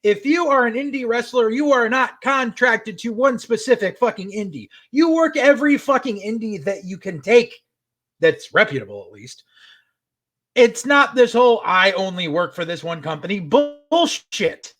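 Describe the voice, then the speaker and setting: Guy with a high bright voice, swearing a lot, ranting fast about a tv episode. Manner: profane, animated retelling with acted-out quotes. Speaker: podcast co-host. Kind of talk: casual recap rant.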